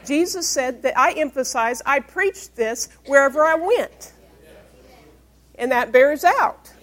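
A woman with a high voice preaches in an emphatic style. She reads scripture verse by verse and stops to ask the congregation questions. Her talk has the firm cadence of a pastor teaching her church. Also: expressive, takes it slowly. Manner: emphatic, call-and-response questions. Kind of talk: sermon.

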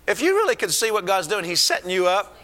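A man preaching a sermon with fervor, crying out in praise and rising to shouts to drive points home. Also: sits high, very animated, quick pace, a little hiss or hum. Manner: fervent, with exclamations of praise.

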